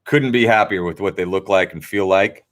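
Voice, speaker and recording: A man's voice: low-pitched, moderate pace. A man hosting a trivia livestream from home, chatting casually and rambling from topic to topic. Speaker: trivia host.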